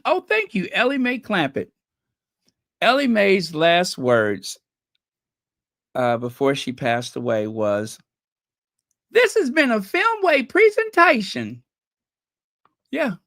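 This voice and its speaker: Lively, gossipy livestream host with a slow drawl. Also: medium pitch, no echo, studio quality. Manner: chatty, gossipy, teasing, laughs at own jokes; trails off searching for names. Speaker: channel host. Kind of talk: casual livestream chat.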